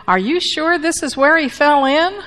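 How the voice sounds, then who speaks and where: A woman voicing an old, befuddled male drunk in a joke, with slow, innocent folksy replies. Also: sits high, animated, fairly bright tone, voice pushed up.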